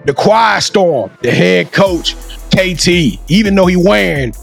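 A man hosting a sports talk show, loud and sing-song, with shouted call-outs. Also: high-pitched, expressive, a little slow, creaky, breathy edge, soft background music. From Shreveport, Louisiana, USA. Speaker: podcast host.

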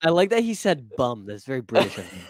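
A man's voice: medium pitch, sing-song, fast. A man co-hosting a casual podcast, trading jokes and laughing often. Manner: laughing, jokey banter. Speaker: podcast co-host. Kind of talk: casual chat.

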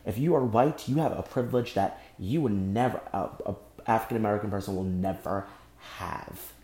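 A young man hosting a solo podcast, speaking angrily and with deep emotion, often breaking off and repeating himself. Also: fairly quick, dark tone, reverberant. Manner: angry, emotional, repeats and restarts. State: emotionally shaken. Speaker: podcast host. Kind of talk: impassioned solo podcast monologue.

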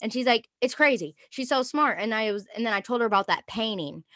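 A young woman co-hosting a casual chat, telling an animated story and acting out quotes with frequent laughter. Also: on the high side, a little fast, no echo, studio quality. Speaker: podcast co-host.

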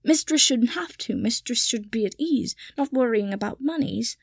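A woman's voice: fairly high pitch, animated, normal speed, gravelly, breathy edge, no echo, clean studio sound, heavily acted. A woman reading aloud, voicing a dour, fussy old male house-elf servant who turns prim and fretful. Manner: prim, fretful, rising to panicked wails.

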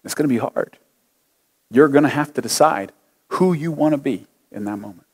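A man's voice: medium pitch, moderate pace, darkish tone, breathy edge. A man in his thirties preaching a sermon as a pastor, conversational and often asking his listeners questions. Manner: conversational, asks the audience questions. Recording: long hall reverb.

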